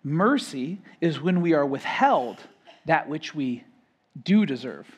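A man giving a sermon as pastor, preaching emphatically, rising and louder on key phrases, then dropping soft, and often repeating words as he builds a point. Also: fairly high pitch, animated, slow, husky, highs cut off.

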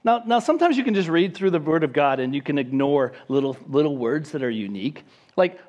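A man preaching a sermon as pastor, lively, acting out quoted voices. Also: on the high side. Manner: animated, acts out the disciples' voices.

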